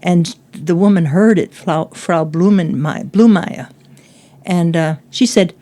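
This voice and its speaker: A woman's voice: lowish voice, slow pace, dark tone. An older woman chatting about a book as a guest, laughing often and acting out quoted lines. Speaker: guest, host's mother. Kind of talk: casual book discussion.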